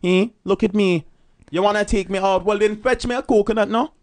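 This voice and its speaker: A woman's voice: medium pitch, steady tone, brisk, a little mellow, voice pushed up, close to an everyday voice. Man putting on a sassy white Jamaican lady. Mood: teasing. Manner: mocking, bossy.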